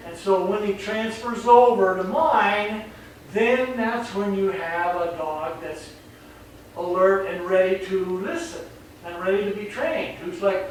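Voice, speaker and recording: A male dog trainer with a high voice explains things casually on camera, rambling and chatty and acting out voices, speaking a little slowly. The audio is very echoey with a distant mic and faint background noise.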